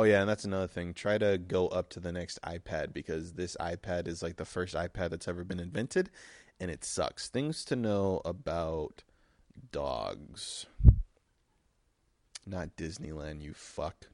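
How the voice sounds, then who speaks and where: A young man hosting a solo podcast, crude and sarcastic, full of profanity, who now and then breaks into mock shouting. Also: sits low, dry recording, studio quality. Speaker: podcast host. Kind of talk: solo comedic podcast rant.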